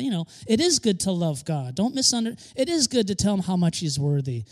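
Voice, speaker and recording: A man's voice: high voice, lively intonation, a little fast, hardly any pauses, a little mellow. A man preaching a sermon as pastor, emphatic, repeating key phrases for stress and slipping in joking asides.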